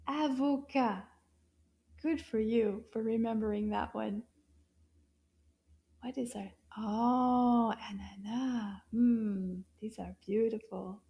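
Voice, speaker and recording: A woman teaching young children words in a slow, gentle way. She often drops into soft whispers and gasps with surprise. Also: a little high, creaky, dull audio. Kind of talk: slow kids' lesson, words repeated.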